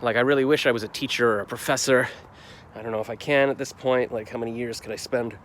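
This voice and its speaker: A man's voice: medium pitch, steady tone, fast talker, a bit bright. A man in his forties recapping his day in a rambling, reflective vlog, full of fillers and restarts. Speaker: vlogger. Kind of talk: casual daily vlog recap. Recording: faint street noise outdoors.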